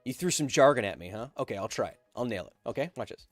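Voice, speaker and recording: A man's voice: mid-range voice, lively intonation, fast, hardly any pauses, dry recording, clean studio sound, soft background music. A man hosting a casual livestream, reading out viewer donations and answering them with playful, self-mocking jokes.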